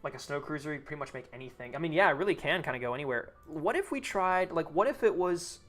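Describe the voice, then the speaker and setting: A man's voice: on the high side, lively intonation, fast talker, a bit bright, soft background music. A young man streaming live, thinking aloud, reading chat and restarting sentences as he goes.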